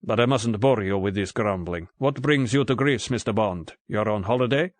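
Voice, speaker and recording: A male audiobook reader voicing a proud, gruff Greek man with a deep voice. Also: dry recording, natural voice. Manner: measured, contemptuous. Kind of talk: audiobook character voice.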